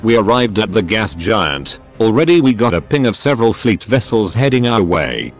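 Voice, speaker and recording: A man's synthetic voice reading a first-person story in an even, matter-of-fact way. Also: fairly low pitch, normal speed, soft background music.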